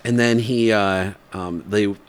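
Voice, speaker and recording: A man in his forties with a somewhat low voice. He rambles through a casual story with plenty of fillers and laughter, and his voice jumps up when he imitates the people in it. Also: steady tone, slow, clean tone. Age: 40s.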